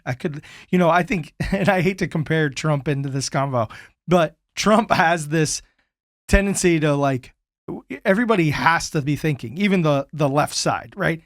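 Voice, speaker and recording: A man's voice: on the high side, moderate pace, no room sound, studio quality. A man hosting a podcast, affirming his guest and talking with many restarts and repeated words. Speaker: podcast host. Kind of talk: conversational interview.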